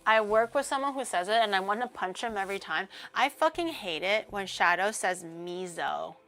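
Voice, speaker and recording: A woman's voice: medium pitch, expressive, normal speed, a bit bright, soft background music. A woman streamer chatting casually on a livestream, ranting and swearing freely with a laugh.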